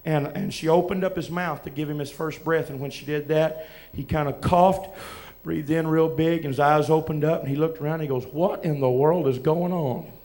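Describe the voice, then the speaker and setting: A man with a Southern US accent, preaching as he tells a halting, emotional testimony with many restarts. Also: fairly high pitch, steady tone, darkish tone. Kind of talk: testimony from the pulpit.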